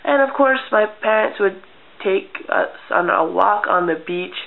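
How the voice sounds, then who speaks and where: A woman's voice: medium pitch, a little slow, vocal fry. Chatty young woman, tinny webcam sound. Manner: chatty, deadpan humor, acts out childhood scenes. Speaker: vlogger. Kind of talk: casual storytelling vlog.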